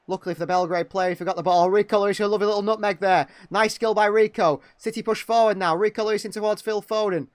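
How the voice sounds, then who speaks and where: A young man giving partisan live fan commentary on a match, excitable and quick to criticise players. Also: high-pitched, clean tone, dry recording. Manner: excitable, exclaiming at big moments, critical of players.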